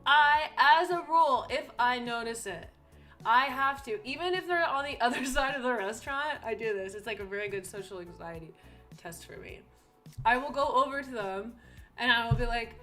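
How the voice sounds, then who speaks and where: A young woman chatting casually on a live stream, giggly and animated, acting out other people's voices as she tells stories. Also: a little high, moderate pace, faint music behind.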